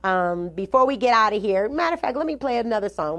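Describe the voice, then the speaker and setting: A woman's voice: medium pitch, expressive, quick pace, a bit bright, no room sound. A woman hosting a radio show, talking casually to listeners with loose asides and self-corrections.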